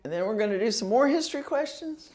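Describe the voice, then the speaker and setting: Sounding out each word syllable by syllable, this woman teaches a citizenship test class in a fairly high, darkish voice with lively intonation. Her manner is slow and patient, and she over-enunciates as she drills pronunciation.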